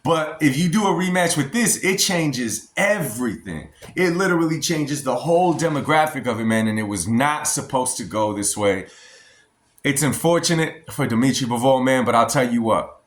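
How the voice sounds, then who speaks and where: A man's voice: mid-range voice, lively intonation, normal speed, roomy sound, slight background noise. An American man giving a casual, emphatic opinion vlog as a boxing commentator, often addressing his viewers as y'all. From United States.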